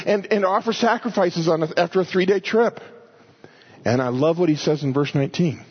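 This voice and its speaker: A man preaching a sermon, explaining Bible verses and paraphrasing scripture aloud, at times loud and at times quiet. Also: high voice, brisk, husky, muffled recording. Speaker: pastor teaching a Bible study.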